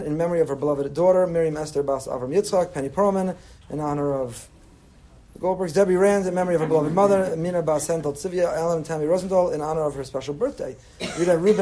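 A man's voice: a little high, mellow, a little hiss or hum. A man, a rabbi, giving a chatty Torah class to a live group, mixing in Hebrew terms. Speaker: rabbi teaching a weekly class. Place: room with a breakfast crowd.

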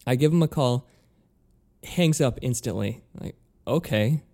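A man with a mellow, darker tone tells a frustrating story in a loose, chatty way. He swears freely and acts out the back-and-forth of each exchange. His pitch sits in a middle range. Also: measured pace. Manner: animated, exasperated, swears a lot, acts out both sides of calls. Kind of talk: casual storytelling chat.

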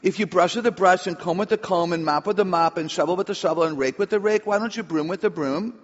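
A woman's voice: fairly low pitch, fast, long reverb tail, lo-fi sound, lightly acted. A woman speaker voicing an eager, wide-eyed little girl questioning her mother.

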